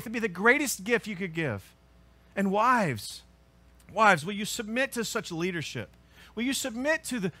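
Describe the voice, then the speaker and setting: A male pastor delivers a sermon in a high, bright and forceful voice. He preaches earnestly, building to emphatic peaks before sinking low. The sound is close and dry, with no room around it. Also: no echo. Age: adult with children.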